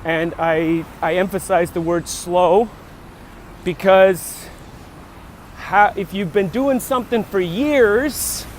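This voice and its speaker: A man with a high voice records a casual walk-and-talk vlog on a morning walk near traffic, with slight background noise. He rambles and muses, interrupting himself often and restarting his sentences.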